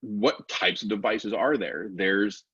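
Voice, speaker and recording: A man from Texas explains technical topics casually and uses rhetorical questions. His voice is low and husky, and it comes through a dull, lo-fi mic. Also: slow. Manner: relaxed, informal, rhetorical questions. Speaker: guest expert.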